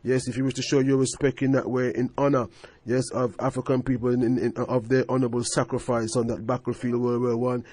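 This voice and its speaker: A man's voice: medium pitch, flat delivery, a little fast, few pauses, darkish tone, no room sound. A man hosting a radio talk show, speaking emphatically and repeating his phrases for effect. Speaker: radio host. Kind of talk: casual radio chat.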